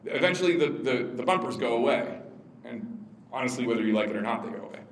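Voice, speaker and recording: A man giving an informal teaching talk to a church audience about parenting, conversational, with many fillers and lively quoted asides. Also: mid-range voice, fast, roomy sound, slight background noise, poor audio. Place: room with an audience.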